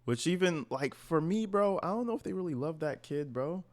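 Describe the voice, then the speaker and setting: A man hosting a commentary channel, reacting to an interview in a blunt, profane, animated rant. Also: fairly high pitch, moderate pace.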